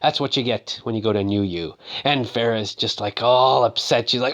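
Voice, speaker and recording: Man narrator, casual retelling, rambling and jokey, mid-pitched. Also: normal speed, a bit bright, muffled recording. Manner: rambling, joking, many fillers.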